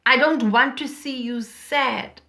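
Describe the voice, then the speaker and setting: A woman teaching a poetry lesson, talking slowly and deliberately and reading lines aloud with emphasis. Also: high voice, creaky, sharp tone.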